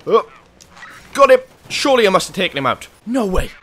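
A man's voice: sits high, big pitch swings, fairly quick, fairly bright tone. A man giving live, panicky commentary on his own gameplay, swearing and talking to himself. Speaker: gaming YouTuber.

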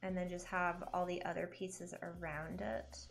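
A woman's voice: fairly low pitch, flat delivery, moderate pace, vocal fry, soft background music. Chatty giggly young woman streamer. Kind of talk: casual gaming stream chat.

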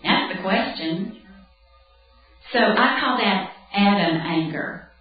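A woman's voice: mid-range voice, slow pace. Woman preaching in an echoey hall. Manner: conversational, animated, laughs and acts out dialogue. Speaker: Bible camp speaker. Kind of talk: sermon teaching. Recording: distant, roomy, dull lo-fi hall recording with faint music.

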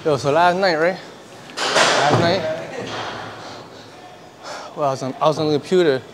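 A man's voice: on the high side, a little slow, very noisy. A young man chatting casually in a gym between sets, slangy and profane, telling stories with laughs. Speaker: vlogger. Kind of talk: casual workout vlog chat.

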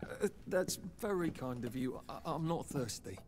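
A man's voice: mid-range voice, animated, moderate pace, a little hiss or hum, close to an everyday voice. An actor voicing a nervous, polite young Englishman in a video game, stammering and sardonic. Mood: hesitant.

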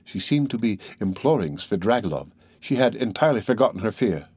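A man narrating an audiobook in a calm, measured reading voice. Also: fairly low pitch, husky, no echo. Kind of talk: scripted narration.

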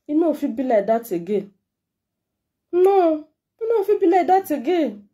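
A middle-aged Nigerian woman speaks straight to her followers in an emotional vlog message. Her voice is warm and mellow, pitched slightly high for a woman, and her delivery is heartfelt and pleading. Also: sing-song, moderate pace, dull audio. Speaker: vlogger. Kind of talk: emotional direct-to-camera message.

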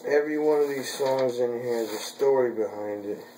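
A man's voice: medium pitch, moderate pace, dark tone, echoey room, a little hiss or hum, rough recording. A man vlogging from home in a casual, frustrated way, swearing at gear that won't work.

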